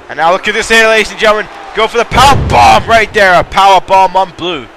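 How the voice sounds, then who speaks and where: Man, wrestling game commentator, high pitched, bright edgy tone, excitable, casual swearing. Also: fairly quick, few pauses, slight background noise. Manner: excitable, mildly profane, breaks into laughs.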